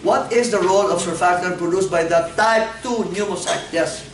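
A man's voice: high-pitched, moderate pace, a little hiss or hum. A man lecturing on anatomy in a classroom, playfully quizzing his students and laughing often. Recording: echoey classroom from far off.

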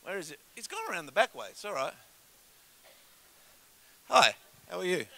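A man preaching a sermon as a guest pastor in a church, animated and joking with the congregation. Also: sits high, moderate pace, gravelly. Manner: animated, jokes with the congregation, acts out story voices. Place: church auditorium. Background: soft keyboard music.

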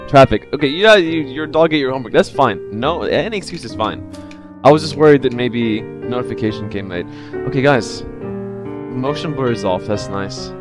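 Animated streamer with a Cypriot accent. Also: male voice, mid-range voice, normal speed, music in the background. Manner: animated, jokey, chatting with viewers. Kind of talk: casual live-stream chat.

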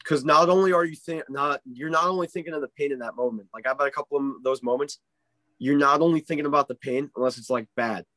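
A man who works as a ski instructor tells a story in a casual interview. He is animated and keeps checking in with "right?". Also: fairly high pitch, fast, dry recording.

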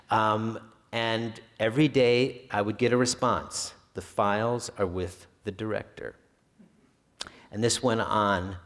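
A male historian giving a public talk about his book, telling anecdotes in an easygoing way with occasional filler hesitations. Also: lowish voice. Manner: relaxed storyteller with some filler hesitations. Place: library event hall. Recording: long reverb of a hall.

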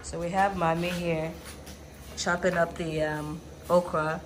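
A woman, vlogging casually and explaining things plainly, often pausing to find her words. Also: fairly low pitch, little pitch movement. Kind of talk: casual vlog narration. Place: outdoor porch used as a kitchen. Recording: outdoor ambient noise.

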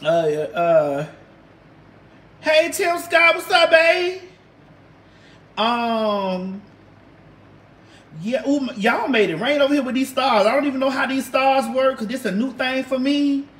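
A woman's voice: on the high side, unhurried. A woman hosting a casual livestream and chatting with viewers in a brash, sassy, drawling way, with lots of cussing. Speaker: livestream host. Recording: roomy echo.

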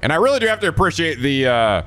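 A man hosting a let's play, recapping the story in excitable, jokey, swear-filled commentary with sudden shouts. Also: fairly high pitch, fast. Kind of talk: energetic gameplay commentary.

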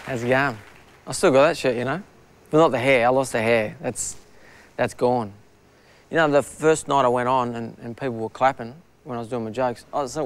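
Male Australian stand-up, deadpan self-deprecating delivery. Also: mid-range voice, a little fast. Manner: dry, self-deprecating storytelling. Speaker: stand-up comedian, presenter. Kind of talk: stand-up comedy and presenting.

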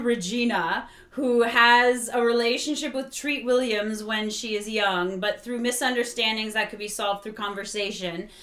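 A woman hosting a casual review chat, animated and mocking lines in exaggerated quotes. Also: fairly high pitch, echoey room. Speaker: podcast host.

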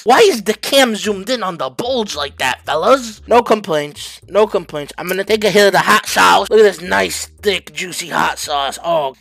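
Man, comedic reaction host, bright tense voice, jumpy shouts, buddy-talk. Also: high voice, normal speed, creaky, hardly any pauses. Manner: hyped, jokey, bursts into yelps and shouts; addresses viewers as boys and fellas. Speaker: YouTuber.

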